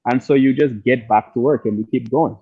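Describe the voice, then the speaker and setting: A man's voice: medium pitch, fairly quick, husky, dry recording. A man, a musician, talks reflectively in a casual interview from outdoors, with many restarts and fillers. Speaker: musician guest. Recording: dry tinny phone-like line.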